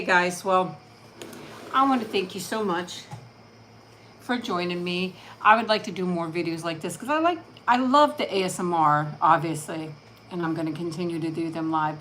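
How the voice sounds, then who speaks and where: Lady channel host chatting live with her fans, warm and gushy, lowish voice. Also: a little hiss or hum, poor audio. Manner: affectionate, chatty, coos at her dog. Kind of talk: casual live chat.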